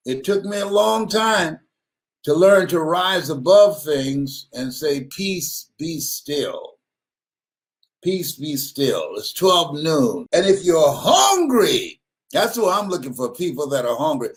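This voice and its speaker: A man's voice: fairly high pitch, big pitch swings, a little slow. A man giving a motivational sermon. He laughs often and repeats his words for emphasis. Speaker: motivational speaker.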